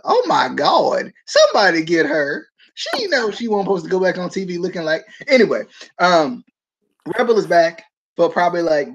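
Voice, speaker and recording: A man's voice: high-pitched, fairly bright tone. Chatty man, dull lo-fi mic. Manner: laughs often, rambling with many restarts. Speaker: podcast host. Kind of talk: casual chat.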